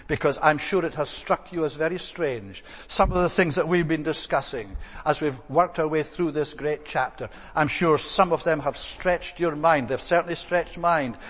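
Male preacher, slightly high voice, earnest and measured, church hall reverb. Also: fairly bright tone, breathy edge. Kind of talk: sermon.

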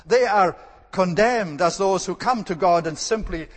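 High-voiced preacher in a long-echo hall. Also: male voice, measured pace. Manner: earnest emphatic preaching, repeats key words. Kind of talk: sermon.

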